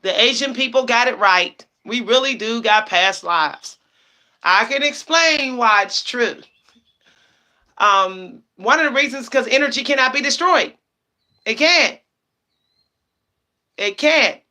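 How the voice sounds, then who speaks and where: A woman's voice: fairly high pitch, expressive, takes it slowly, pauses often, bright, forceful tone. A young woman chatting casually on a livestream as a psychic, laughing often and repeating herself for emphasis.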